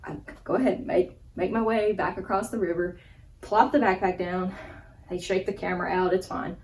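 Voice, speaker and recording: Animated young woman telling a story. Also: lowish voice, normal speed, distant mic, low-quality recording. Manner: animated, laughing, acts out gestures. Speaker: storytime vlogger. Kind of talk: casual storytelling. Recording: voice a bit off-mic with faint background ambience.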